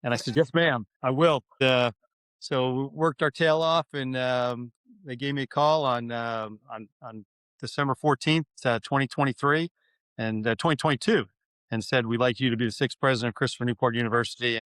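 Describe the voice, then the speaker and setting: A man's voice: mid-range voice, fairly even intonation, a little fast, fairly bright tone, clear, resonant tone, no echo. A middle-aged man from New York, a university president, telling his career story as a podcast guest, earnest, with many fillers and restarts. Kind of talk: conversational storytelling.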